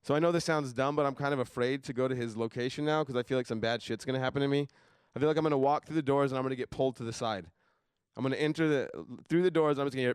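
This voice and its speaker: Young guy doing standup, deadpan, mumbles low asides, clean dry mic sound. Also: racing, clean tone, no echo. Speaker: stand-up comedian. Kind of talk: stand-up comedy set. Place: stage at a live comedy show.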